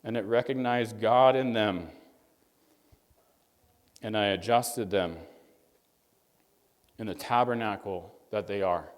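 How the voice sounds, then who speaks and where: A man's voice: fairly low pitch, slow, long pauses, big-room sound. A man, a chiropractor, gives a motivational stage talk to young doctors, telling stories in an earnest, preacher-like way. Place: stage in a large hall.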